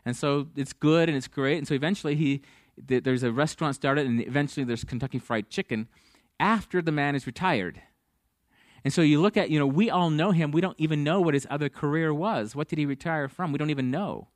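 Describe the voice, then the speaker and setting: A man's voice: a little high, brisk, dry recording, clean studio sound. A man preaching a sermon, telling stories and acting out the people in them. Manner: storytelling, acts out dialogue. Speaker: pastor.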